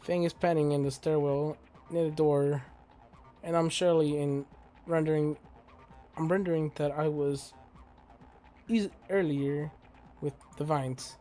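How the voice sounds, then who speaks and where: A young man voices a let's play, reading the game's narration and cutting in with profane, joking remarks. His voice sits a bit high for a man. Faint game music plays behind him. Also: fairly even intonation, a little slow, dark tone. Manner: crude, joking asides between read lines.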